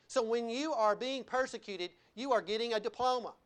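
A male pastor preaching a sermon, animated, with laughing asides and wide swings in pitch and loudness. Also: moderate pace, clear, resonant tone.

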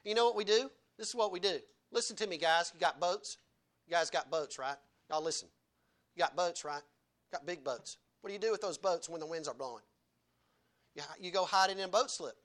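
A man delivers a sermon with a high, bright voice. He hammers his points home and keeps asking the congregation questions. He sounds like a pastor preaching from the pulpit in church. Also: fairly quick. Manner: emphatic, asks the congregation repeated rhetorical questions.

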